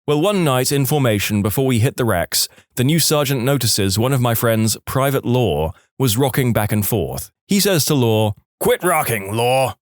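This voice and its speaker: Animated male story narrator. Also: mid-range voice, moderate pace, few pauses, dry recording, studio quality. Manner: animated storytelling, switching into voices. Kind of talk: reading online stories aloud.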